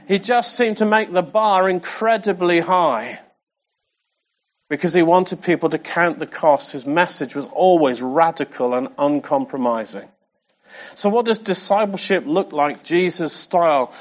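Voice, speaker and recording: A man's voice: on the high side, animated, a little slow. A man preaching a sermon in a conversational way, talking straight to the congregation and repeating key phrases for emphasis. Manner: conversational, speaks directly to the congregation. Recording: dull lo-fi sound.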